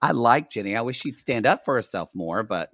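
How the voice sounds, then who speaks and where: A man co-hosting a casual reality-TV recap podcast, chatty and agreeable, dropping into shrill impressions of the cast. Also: expressive, fairly quick, fairly bright tone, dry recording, studio quality. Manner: chatty, agreeable, says y'all, mimics cast in shrill voices. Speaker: podcast co-host.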